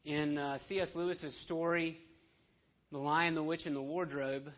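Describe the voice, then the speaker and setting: Male preacher, impassioned, hushed then emphatic, slightly high voice, dull lo-fi recording. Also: level tone, a little slow. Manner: impassioned, swinging between soft hushed lines and loud emphatic ones. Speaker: pastor. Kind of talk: sermon. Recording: dull lo-fi sermon audio.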